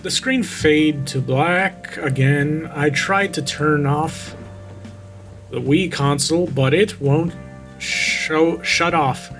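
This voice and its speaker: A man's voice: fairly high pitch, takes it slowly, a bit bright, faint music behind. A man reading a creepypasta aloud and breaking off to mock it with sarcastic commentary, close to the mic. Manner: sarcastic, interrupts the story to make fun of it.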